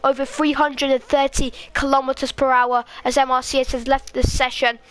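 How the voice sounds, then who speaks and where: A woman with a Scottish accent giving live race commentary in a halting, rambling way, full of fillers. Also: high-pitched, flat delivery, smooth. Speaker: sim racing commentator.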